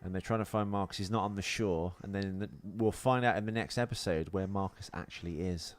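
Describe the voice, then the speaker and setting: Rambling low-voiced male podcast host. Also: a little fast. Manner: rambling, many fillers and restarts. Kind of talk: casual movie-commentary chat.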